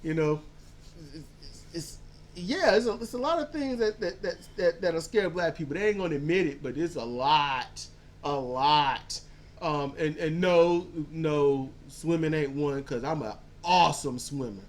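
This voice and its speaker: A podcast co-host in a casual movie-review chat, telling stories in an animated way and acting out quotes. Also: medium pitch, a little slow. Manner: animated storyteller, acts out quotes; casual, swears freely.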